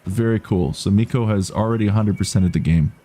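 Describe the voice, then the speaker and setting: A man's voice: on the low side, fast, mellow, soft background music. A man streaming a game live, chatting casually and reading out viewer messages. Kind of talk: casual gaming commentary.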